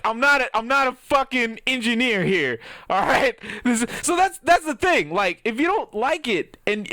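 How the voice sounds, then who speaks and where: A man's voice: very high-pitched, bright, forceful tone, dry recording, studio quality. A young man hosting his own channel, ranting heatedly and swearing freely at commenters he has banned. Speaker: YouTuber ranting at viewers. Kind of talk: profane casual rant.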